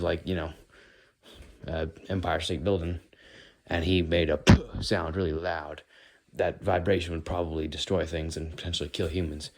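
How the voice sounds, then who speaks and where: A man's voice: sits low, gravelly. An American man rambling casually in a walk-and-talk monologue, musing as he goes. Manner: rambling, musing, does playful accent impressions. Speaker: vlogger.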